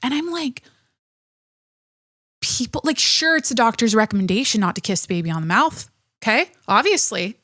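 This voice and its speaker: A woman's voice: fairly high pitch, lively intonation, normal speed, long pauses, pushed and bright, no room sound. Casting: pregnant woman podcast host, thirties, rambling and swearing, slightly winded, dry close mic. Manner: rambling, profane, many restarts and fillers. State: pregnant and short of breath. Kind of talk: casual chat.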